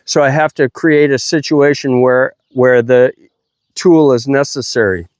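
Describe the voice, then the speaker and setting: Slow-talking middle-aged dog trainer man. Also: no echo, clean studio sound. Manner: unhurried explaining, breaking into high playful praise for the dog. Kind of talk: explaining training while working a dog. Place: outdoors at a kennel ranch.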